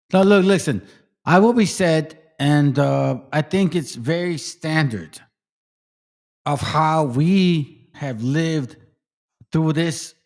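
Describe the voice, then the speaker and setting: Rambling, cursing man with a higher voice. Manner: rambling and profane, trailing off into quiet mutters. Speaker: livestream host. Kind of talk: casual livestream chat.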